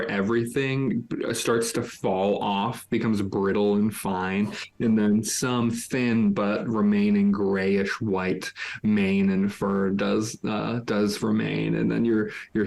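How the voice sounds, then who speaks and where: Slow gravelly man running a tabletop game. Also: lowish voice, a little mellow. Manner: hesitant, many ums and restarts. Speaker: game master.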